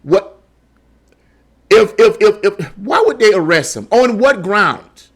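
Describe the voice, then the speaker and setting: A man's voice: high voice, big pitch swings, takes it slowly, slightly rough. A man giving a heated commentary monologue on a news article. He stumbles over repeated words and keeps firing off rhetorical questions. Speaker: online political commentator.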